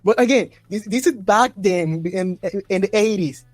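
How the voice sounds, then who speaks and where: Over soft background music, a high-pitched man hosting a podcast spins an animated story at a moderate pace in a casual interview setting. He voices the quotes loudly, performing each one.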